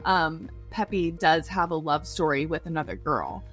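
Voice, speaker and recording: A woman's voice: low voice, normal speed, a bit bright, soft background music. A woman voice actress talking as a guest in a casual interview, bubbly and gushing, often saying "like". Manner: bubbly, gushing, heavy use of "like".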